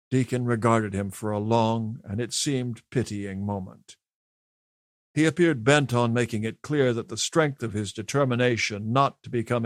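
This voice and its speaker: A man reading an audiobook as narrator in a measured, even storytelling manner. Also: medium pitch, no echo, clean studio sound. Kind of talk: scripted narration.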